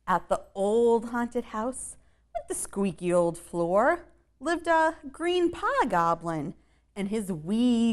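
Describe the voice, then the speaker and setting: A woman reads a children's picture book aloud at a very unhurried pace, and her pitch rises and falls a lot. She reads the rhymes in a sing-song way and stops to ask her young listeners questions. Her voice sits in a middle register. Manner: sing-song rhyming delivery with playful asides.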